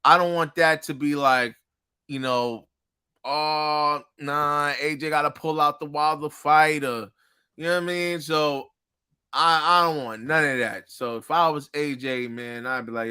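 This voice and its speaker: A man's voice: a little high, fairly even intonation, measured pace, bright, forceful tone, clean tone. An American man co-hosting a boxing talk show, giving his candid opinion in a laid-back casual chat.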